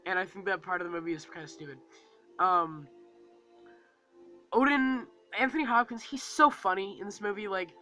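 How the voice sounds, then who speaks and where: A man's voice: high-pitched, bright, forceful tone, low-quality recording. A man giving a casual, rambling movie review, full of fillers and acting out lines from the film.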